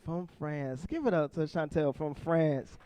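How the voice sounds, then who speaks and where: A man's voice: fairly high pitch, unhurried, dark tone, clear, resonant tone, dry recording. A man doing stand-up comedy and playful crowd work for a seniors group, chatting with the audience and laughing often.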